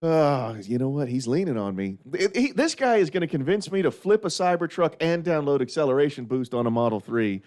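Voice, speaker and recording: A man's voice: a little high, animated, fairly quick, hardly any pauses, a little mellow. A man hosting a casual live stream, rambling and laughing often, repeating words as he goes. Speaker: livestream host.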